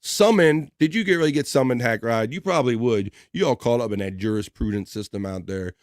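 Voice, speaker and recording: A man's voice: medium pitch, a little fast, dry recording, studio quality. A man hosting a casual livestream, reading viewer comments aloud and joking along, laughing often. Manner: jokey, laughs often, reads chat aloud. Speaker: livestream host.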